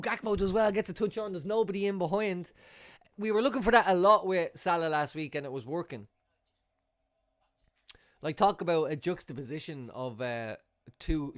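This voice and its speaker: A young man giving casual, excitable live commentary as a fan streamer watching a football match, swearing and breaking into loud outbursts. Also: fairly high pitch, dry recording, clean studio sound.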